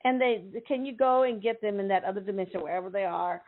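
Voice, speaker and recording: A woman's voice: medium pitch, fast. An older woman hosting a radio call-in show, chatting casually and upbeat with callers. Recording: tinny phone-line audio.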